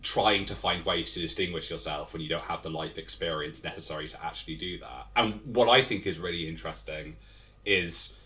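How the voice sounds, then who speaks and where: A young man with a very low voice that still sounds bright and forward. He answers interview questions thoughtfully, pausing on fillers and restarting his sentences as he works his ideas out. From England. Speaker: game designer guest. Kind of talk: casual interview chat.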